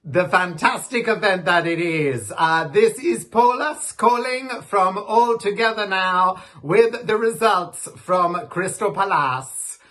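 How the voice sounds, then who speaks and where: A man on a jury, announcing his votes slowly in a hammy put-on continental European accent. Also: high voice, fairly bright tone. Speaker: guest jury member.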